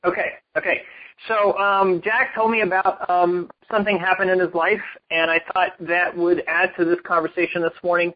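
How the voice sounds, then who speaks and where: Man, church leader, reading a testimony aloud, earnest, halting, fairly high voice, muffled lo-fi recording. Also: flat delivery.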